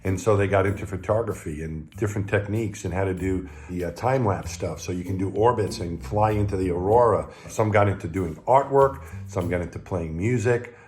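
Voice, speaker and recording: Man, former astronaut, anecdotal talk, lowish voice. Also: a little fast, hardly any pauses. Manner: anecdotal, conversational, warm retelling with acted quotes. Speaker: retired astronaut. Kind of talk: storytelling talk to camera.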